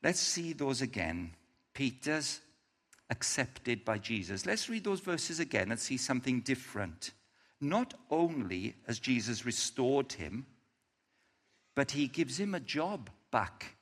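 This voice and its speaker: With a sing-song lilt, a slow pace and a slightly bright mid-range voice, a man preaches to an assembled crowd. It is evening in a church or meeting room, the hall is reverberant, and he tells a lively story while questioning his listeners.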